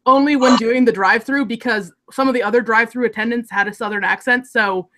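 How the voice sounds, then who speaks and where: A woman's voice: fairly high pitch, fast talker, a bit bright. A woman from Alaska with an Alaskan accent, chatting casually and rambling with restarts as a content creator. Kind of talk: casual group chat.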